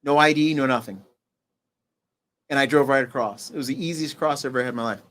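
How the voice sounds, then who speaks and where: With a mid-range voice, a middle-aged man tells a personal story as an interview show guest. He stumbles through it with fillers and restarts, lowering his voice when the story gets heavy.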